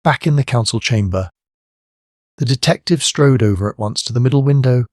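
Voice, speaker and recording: A man with a mid-range voice narrates an audiobook from a script, telling the story in an even, measured way. The recording is clean studio sound with no room noise.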